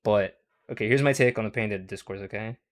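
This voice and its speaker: Profane, rambling streamer guy with a lowish voice. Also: fairly quick. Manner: profane, rambling, tags lines with "okay?"; laughs often at his own jokes. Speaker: livestream host reacting to clips. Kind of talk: casual stream commentary.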